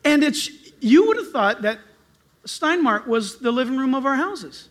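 A middle-aged pastor preaching a sermon, telling stories in an animated way and acting out loud greetings. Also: male voice, very high-pitched, unhurried.

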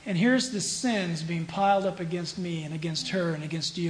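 A man delivers a sermon as a storytelling pastor, his voice sitting high for a man. He drops to hushed asides, then rises to loud, emphatic bursts. A faint hum of room noise runs underneath. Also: moderate pace, low-quality recording.

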